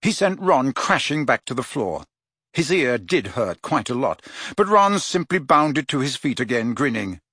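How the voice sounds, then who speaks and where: A man narrating an audiobook with expressive storytelling. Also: mid-range voice, moderate pace, breathy edge, no echo, studio quality. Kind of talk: scripted narration.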